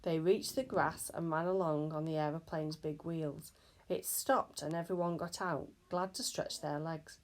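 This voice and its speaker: A woman reading a children's novel aloud with steady, clear storytelling. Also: low voice, measured pace. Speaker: storybook reader.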